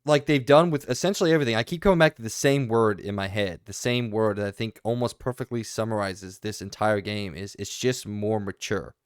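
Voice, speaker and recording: A man co-hosting a video game podcast, talking in long animated runs in a casual review discussion. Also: lowish voice, fairly quick, few pauses, clear, resonant tone, dry recording, studio quality.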